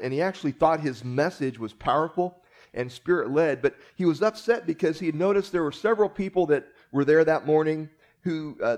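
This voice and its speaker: A man's voice: fairly high pitch, a little mellow. A man preaching a sermon in a conversational way, opening with a joke and using many fillers as he teaches. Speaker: pastor.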